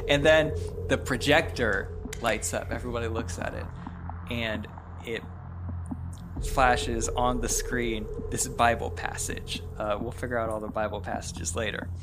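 A man hosting a podcast, telling a comic story in an animated way and laughing often. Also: medium pitch, unhurried, over music. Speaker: podcast host. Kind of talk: comedic storytelling.

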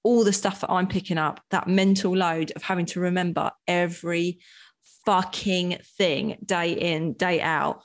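A woman's voice: on the low side, unhurried. A young woman co-hosting a podcast, venting heatedly in casual chat and swearing. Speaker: podcast co-host.

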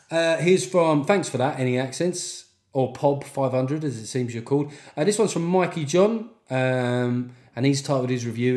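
A man's voice: medium pitch, moderate pace, hardly any pauses, a little mellow, reverberant. A man hosting a podcast, delivering a sweary, jokey comic monologue and reading out listener reviews. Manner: sweary, jokey, slips into mock accents. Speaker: podcast host.

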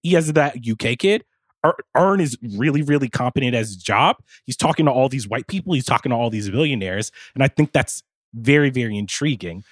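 A man co-hosts a podcast as a music reporter, his pitch swinging lively up and down as he breaks down what he's watched. He speaks in a casual, analytical way, and the mic catches him close and dry. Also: a little fast, no echo.

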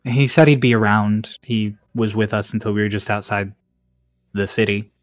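A man's voice: fairly low pitch, fairly even intonation, moderate pace, no echo, soft background music, close to an everyday voice. A man voicing a laid-back, blunt woman sailor with a Cockney accent and clipped, offhand phrasing.

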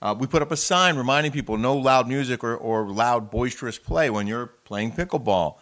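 A man's voice: mid-range voice, moderate pace, a bit bright. A man co-hosting a casual talk show, telling a story with building indignation. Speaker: show co-host. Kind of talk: casual chat.

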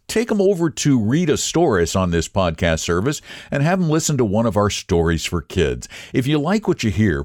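A man who hosts a podcast, reading a literary story aloud in an expressive, measured storytelling manner. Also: mid-range voice, no room sound, clean studio sound. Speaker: podcast host and story reader.

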